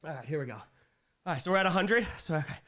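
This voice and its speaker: A man's voice: fairly high pitch, expressive, quick pace, bright, forceful tone. A young man hosting a casual livestream. He rambles, giggles often and thanks his viewers. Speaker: livestream host.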